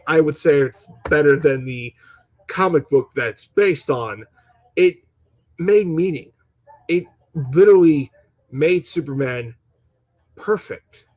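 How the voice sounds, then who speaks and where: Young male channel host, somewhat high voice, rambling heated opinion vlog, stutters and swears. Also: low-quality recording. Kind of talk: casual opinion rant.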